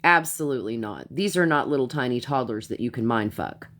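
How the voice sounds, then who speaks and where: A woman's voice: a bass voice, expressive, fairly quick, a bit bright. A woman streaming a heated live rant, blunt and profane, who repeats herself as she gets worked up.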